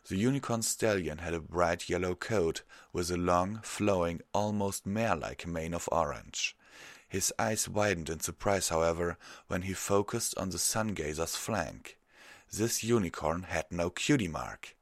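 A man narrating a fan fiction story aloud in a measured, even way. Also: deep voice, no echo, clean studio sound. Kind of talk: audiobook reading of fan fiction.

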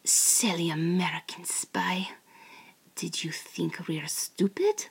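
A domineering female captor taunts her prisoner in a whispered role-play, as a woman puts her on, her voice low-set and mocking. She drawls each line out slowly in a put-on foreign accent. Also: slightly rough, full character voice.

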